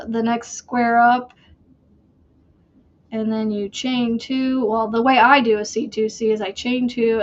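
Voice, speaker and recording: A woman's voice: fairly high pitch, muffled recording. A woman hosting a crochet channel, chatting casually and rambling while she works. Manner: slow, rambling, chatty with fillers.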